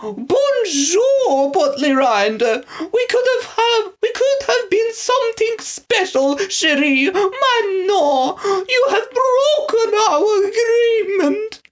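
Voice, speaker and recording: A villain masquerading as a French lady, shrill and theatrical. The voice soars far above a normal speaking pitch and lingers over each taunt. Slow, sneering storybook menace. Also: very animated, exaggerated voice.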